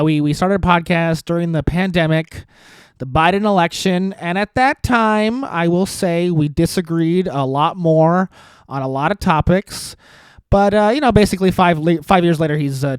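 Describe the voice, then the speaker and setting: A man hosting a podcast, rambling through sardonic dark jokes in a casual monologue. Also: a little high, clean tone, no echo. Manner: sardonic, dark deadpan humor with rambling asides. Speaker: podcast host.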